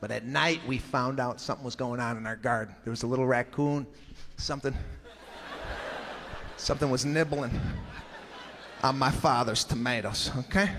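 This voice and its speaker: A man doing a stand-up comedy routine, telling family stories in an animated, exaggerated way. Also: medium pitch, normal speed, long pauses, a little hiss or hum.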